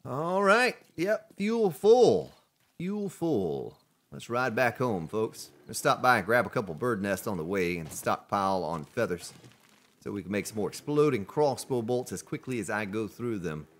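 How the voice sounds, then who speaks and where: A man's voice: on the low side, animated, moderate pace, a bit bright. A man chatting to viewers while he streams a survival game, joking and commenting as he plays. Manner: chatty, jokey, talks to viewers. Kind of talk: live gameplay commentary.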